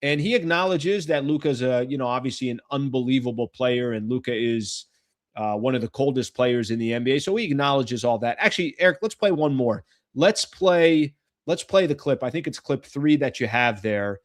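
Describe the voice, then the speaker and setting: A man's voice: mid-range voice, moderate pace. A man hosting a basketball talk show in a casual commentary style, chatty and thinking aloud as he goes, stopping to correct himself mid-sentence. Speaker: sports talk show host.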